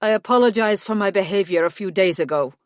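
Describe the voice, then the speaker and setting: A woman's voice: mid-range voice, moderate pace, no echo, clean studio sound, lightly acted. A woman voicing a weary, grizzled male werewolf in an audiobook, speaking stiffly and pleading. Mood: desperate.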